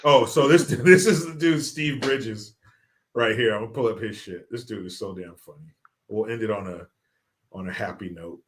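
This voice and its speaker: A man's voice: on the low side, normal speed, a little hiss or hum. A man hosting a casual political talk show, exasperated and mocking, swearing freely as he reacts. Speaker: show host. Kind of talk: profane casual political commentary.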